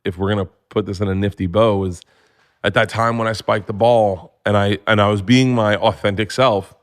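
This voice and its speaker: A man in his forties, a comedian, telling stories in a casual interview, profane and animated, acting out what people said. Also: lowish voice, moderate pace. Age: 40s. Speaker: comedian guest. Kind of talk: casual storytelling chat.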